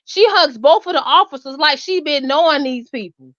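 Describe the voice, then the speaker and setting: A woman, hosting and telling a story in an animated, emphatic way. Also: sits high, normal speed, no echo. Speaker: host. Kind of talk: casual storytelling chat. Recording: dull lo-fi sound.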